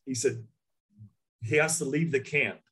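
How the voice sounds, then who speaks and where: A middle-aged man, a former basketball coach, telling recruiting stories in an animated way, acting out other people's lines. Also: mid-range voice, a little slow, breathy edge. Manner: animated storyteller, acts out voices. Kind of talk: casual chat.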